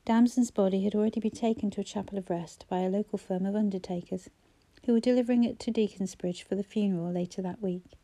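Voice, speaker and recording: A woman reads a novel aloud at a measured, even pace. Her voice is dark and mellow. She is a steady storyteller. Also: medium pitch. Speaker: audiobook narrator. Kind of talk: scripted narration of a novel.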